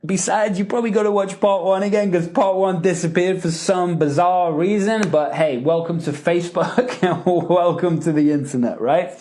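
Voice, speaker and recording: A man's voice: sits high, moderate pace, hardly any pauses. A man hosting a live Q&A session, teaching persuasive phrasing and acting out example lines with emphasis, often chuckling and checking in with "right?" and "okay?". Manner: animated, acts out example lines with rising and falling emphasis; frequent "right?" and "okay?" tags, chuckles between points. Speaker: podcast host and coach.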